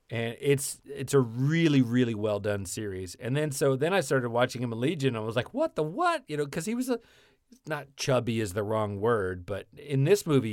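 A man in a relaxed podcast chat about actors and TV shows, rambling and animated with lots of restarts. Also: mid-range voice, no room sound, clean studio sound.

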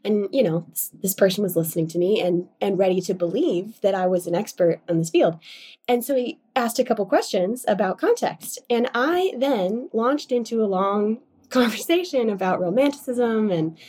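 A woman with a soft, breathy voice co-hosts a relaxed book podcast. She talks chattily, pokes fun at herself and laughs often. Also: mid-range voice, moderate pace. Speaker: podcast co-host. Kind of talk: casual book-club podcast chat.

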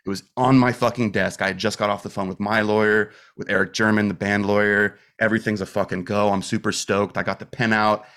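A man's voice: on the low side, level tone, fairly quick, few pauses, a bit bright. A man guest on a podcast, telling a personal story in casual, candid talk full of swearing and fillers. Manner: rambling with restarts and fillers like "dude" and "like". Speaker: podcast guest, metal musician.

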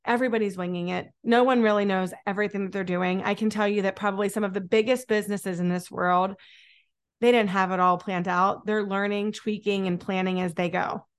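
A woman's voice: medium pitch, fairly even intonation, a little fast, clean tone. A woman hosting a motivational podcast, talking in an upbeat, encouraging way and often repeating words for emphasis. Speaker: podcast host. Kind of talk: motivational solo podcast talk.

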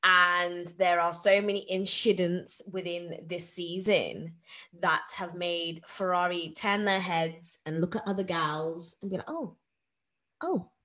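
A woman co-hosting a casual podcast with a bright, sharp-edged voice. She chats playfully, leaning on slang and jokey asides. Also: fairly low pitch, level tone, measured pace. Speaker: podcast co-host. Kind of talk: casual chat.

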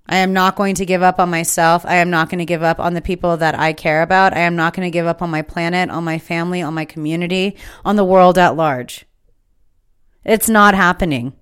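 Fired-up woman with a smooth voice. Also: fairly low pitch, steady tone, fairly quick, a bit bright. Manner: fired-up, emphatic, swears freely. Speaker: podcast host. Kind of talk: impassioned spiritual monologue.

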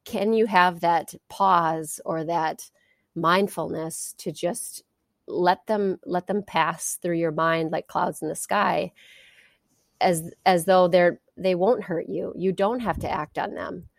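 A woman's voice: lowish voice, fairly even intonation, slow, creaky, dry recording, clean studio sound. A middle-aged woman guest in an interview, telling an earnest story with many fillers and restarts. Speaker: interview guest, sport psychology coach.

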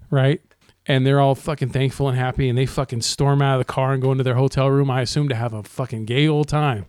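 A man's voice: medium pitch, steady tone, a little fast, few pauses, a little mellow, smooth, dry recording, studio quality. A man in casual podcast chat, telling rideshare driving stories with lots of swearing and laughter. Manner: profane, laughing storyteller.

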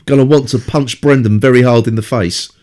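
A man's voice: mid-range voice, brisk, darkish tone. A man hosting a podcast, giving a casual, sarcastic audio commentary and heckling what he watches with exasperation. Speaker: podcast host.

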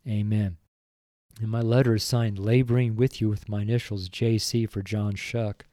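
Male preacher, earnest and emotional, deliberate delivery, warm mellow tone, dry close sound. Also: on the low side, level tone, dry recording. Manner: earnest, emotional, tearful at times. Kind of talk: devotional sermon and prayer.

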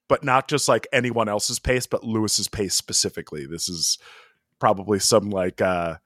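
A man's voice: lowish voice, normal speed, a bit bright, no echo, studio quality. A man co-hosting a podcast, chatting in an amused, rambling way full of asides. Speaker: podcast co-host. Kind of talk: casual chat.

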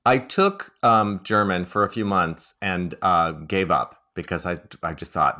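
A middle-aged male author speaks in a very low voice with a bright, forward edge. He answers questions with wry, self-deprecating humor. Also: lively intonation, measured pace. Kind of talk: conversational interview.

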